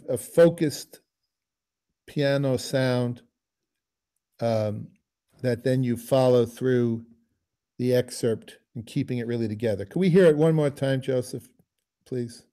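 A man teaching a music masterclass, musing aloud and singing phrases to explain them. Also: mid-range voice. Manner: musing, sings phrases, trails off quietly. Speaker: bassoon teacher giving a masterclass.

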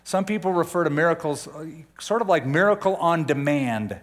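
A man's voice: fairly high pitch, lively intonation, normal speed. An older man preaching a conversational sermon as a pastor, often putting questions to his listeners.

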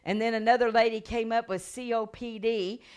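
A middle-aged woman evangelist preaching a revival sermon, telling stories with acted-out voices and rising to a loud preaching cadence. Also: on the high side, normal speed. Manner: animated storytelling, acts out voices and gasps.

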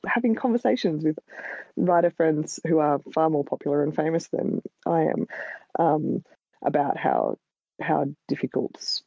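A woman's voice: low voice, measured pace, creaky, darkish tone, no echo. An Australian woman, a guest writer, chatting casually in a rambling, hesitant way full of ums, on a dull lo-fi recording. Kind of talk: casual chat. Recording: dull lo-fi sound.

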